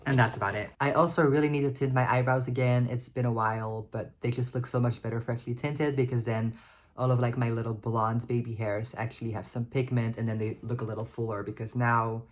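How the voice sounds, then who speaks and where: A woman's voice: rumbling low, fairly even intonation, brisk. A young woman in her twenties chatting casually to the camera in a vlog, self-deprecating and full of filler likes. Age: 20s. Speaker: vlogger.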